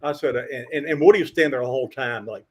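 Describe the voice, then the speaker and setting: Husky older man spinning stories. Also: mid-range voice, racing. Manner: stammering restarts, lively acted-out anecdotes. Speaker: veteran sports writer and guest. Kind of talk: animated storytelling.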